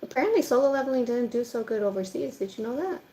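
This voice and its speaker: A young woman with a fairly high voice chats bluntly while she does her makeup at home. She talks casually and drops swear words as she goes, streaming to her viewers. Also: lively intonation, fast, warm tone, slight background noise.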